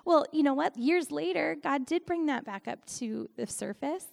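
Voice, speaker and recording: A middle-aged woman giving a conversational sermon, telling stories in an animated way with frequent laughs. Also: high voice, normal speed, vocal fry. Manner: animated storytelling, laughs often. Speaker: Christian speaker and worship leader.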